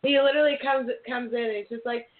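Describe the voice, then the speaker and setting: A woman's voice: on the high side, steady tone, fast talker. Bubbly woman host on a tinny line. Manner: bubbly, gushing, says "like" often. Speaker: show host. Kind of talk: casual live interview.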